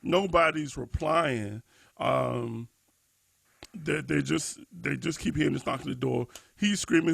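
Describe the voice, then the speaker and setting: A man with a deeply gravelly, slightly husky voice talks through a topic on a podcast, restarting sentences and leaning on fillers as he thinks. The recording is close and dry, with no room sound. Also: unhurried, a bit bright, dry recording. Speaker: podcast co-host. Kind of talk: casual discussion podcast.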